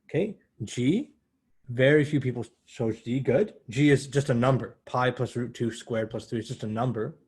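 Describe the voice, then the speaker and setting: A man's voice: medium pitch, normal speed, darkish tone, slightly rough. A man giving a university math lecture in a conversational way, often correcting himself as he explains step by step.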